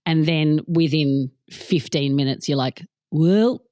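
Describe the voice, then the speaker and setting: A woman's voice: on the low side, normal speed, a crowd in the background. A woman with an Australian accent, a comedian chatting as a podcast guest, candid and self-mocking with frequent laughter. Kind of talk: casual podcast chat.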